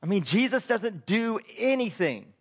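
A man with a very high speaking voice preaches a sermon in a church. He is emphatic and keeps throwing rhetorical questions at the congregation as he leads them through scripture. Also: very animated, measured pace. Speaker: pastor.

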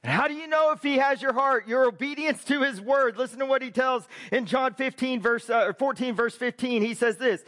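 A man with a very high speaking voice preaches a sermon in a church. He is emphatic and keeps throwing rhetorical questions at the congregation as he leads them through scripture. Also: moderate pace, few pauses, a bit bright. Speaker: pastor.

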